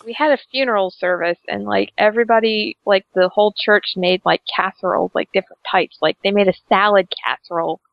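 A woman's voice: medium pitch, fairly quick, vocal fry, few pauses, no echo. A woman from South Carolina chatting casually on a podcast, giggly and hesitant, with lots of fillers. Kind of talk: casual chat. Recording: dull lo-fi sound.

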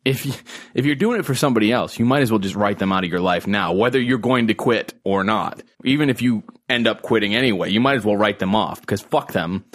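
A man's voice: fairly low pitch, fast talker, few pauses. A young man co-hosting a casual chat, ranting and swearing as he mocks people in put-on quotes. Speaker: podcast co-host. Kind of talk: casual profane banter.

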